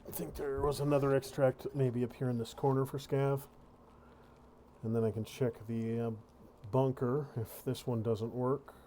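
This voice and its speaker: A man's voice: mid-range voice, level tone, normal speed, warm tone, a little hiss or hum. A man hosting a gaming video, giving casual commentary and wryly muttering to himself as he plays.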